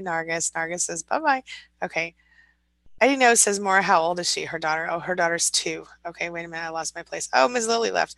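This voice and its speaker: A woman's voice: medium pitch, creaky, fairly bright tone, no echo, low-quality recording. A woman in her forties hosting a casual morning live chat, reading viewer comments aloud and laughing often.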